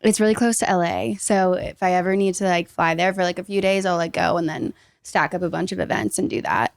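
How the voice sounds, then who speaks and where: A woman's voice: on the low side, fairly quick, gravelly, dry recording. Young Minnesotan woman, dry close sound. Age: young adult. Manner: laughs often, many "like" fillers. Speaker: podcast guest. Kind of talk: casual interview chat.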